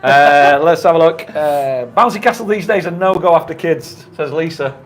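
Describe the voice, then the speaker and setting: A man's voice: a little high, normal speed. A man in his fifties co-hosting a radio show, chatting casually as a jokey storyteller who swears freely. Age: 50s. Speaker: radio co-host. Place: radio studio.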